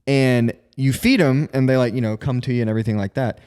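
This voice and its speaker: Young man, podcast co-host, medium pitch, curious questions, casual tone. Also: fairly even intonation, a little mellow, smooth. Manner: curious questioning, quick to laugh. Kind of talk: casual chat.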